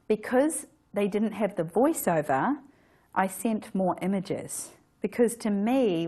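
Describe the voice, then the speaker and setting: A woman's voice: lowish voice, darkish tone. A woman photographer giving a casual workshop talk, chatty, with frequent restarts and self-corrections.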